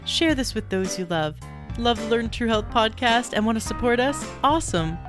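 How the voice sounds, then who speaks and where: A woman from Toronto with a Canadian accent, hosting a podcast interview and reading the outro with bubbly enthusiasm and frequent laughter. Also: medium pitch. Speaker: podcast host.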